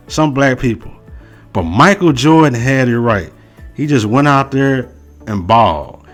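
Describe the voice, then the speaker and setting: A man's voice: mid-range voice, animated, faint music behind. A man hosting a sports opinion show, ranting to the camera in a casual, slangy, emphatic way, repeating his points. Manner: emphatic, repetitive, slow and forceful on key phrases. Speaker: sports commentary host.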